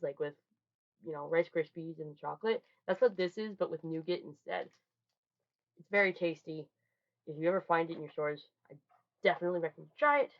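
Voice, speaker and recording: Young woman vlogger, casual rambling haul talk, fairly low voice, muffled lo-fi recording. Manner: chatty, rambling, with frequent restarts and loud bursts. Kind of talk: casual show-and-tell haul. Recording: dull lo-fi home recording.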